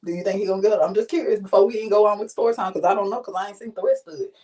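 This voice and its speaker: A woman's voice: medium pitch, fairly even intonation, very fast, mellow. A woman hosting a reaction video, commenting bluntly and with profanity and throwing questions at her viewers. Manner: rhetorical questions to the audience.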